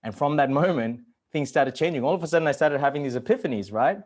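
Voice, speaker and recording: A man speaking as a guest at an online summit, telling a personal story in an earnest way, swearing at times and growing animated when excited. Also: on the high side, fast. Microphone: video call.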